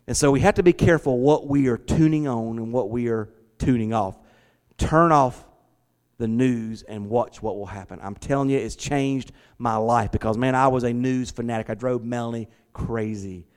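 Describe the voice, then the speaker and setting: A middle-aged man, preaching a lively, conversational sermon from a church hall. He repeats his words and talks back to the congregation. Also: medium pitch, normal speed. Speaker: pastor. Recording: long church hall reverb.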